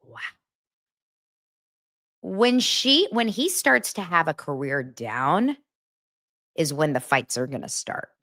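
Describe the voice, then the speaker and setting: A woman with a lowish voice chats about celebrity gossip in a playful, meandering way, often stopping mid-word to restart. The sound is dry and close, with no room around it. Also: big pitch swings, measured pace, a bit bright, dry recording. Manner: rambling, self-interrupting, playful. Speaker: host. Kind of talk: casual celebrity gossip chat.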